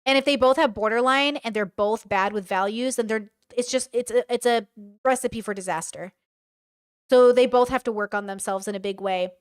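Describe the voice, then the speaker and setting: A woman's voice: fairly high pitch, moderate pace, clear, resonant tone, no room sound, studio quality. Woman reacting bluntly on stream. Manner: reads out text messages, reacts bluntly. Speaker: commentary streamer. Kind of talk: casual reaction commentary.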